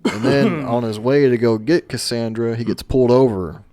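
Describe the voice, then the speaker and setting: A man co-hosting a podcast, chatting casually about a movie and retelling its scenes with quick quoted lines. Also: medium pitch, steady tone, dark tone, no echo, clean studio sound. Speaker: podcast co-host.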